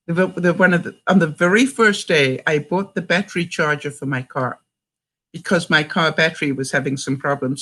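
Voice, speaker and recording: An older woman from Canada talks straight to her viewers in a relaxed, chatty way. Her pitch rises and falls a lot as she goes. She often laughs between lines and reads out old sayings. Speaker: vlogger. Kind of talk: casual chat to viewers.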